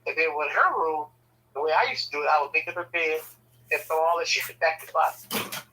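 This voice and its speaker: A man's voice: on the high side, big pitch swings, normal speed, pauses often, pushed and bright, slight background noise, poor audio. A man casually telling stories about his family, swearing freely and acting out the voices of the people in them. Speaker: storyteller. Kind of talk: casual storytelling.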